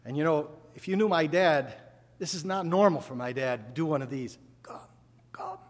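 Male preacher from upstate New York, folksy sermon storyteller with fervent peaks, slightly high voice, long hall reverb. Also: a little fast.

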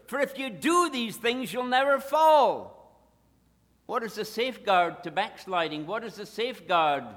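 Animated male preacher with dramatic swings. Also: high voice, in a large hall. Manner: emphatic, swinging from loud to hushed. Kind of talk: sermon.

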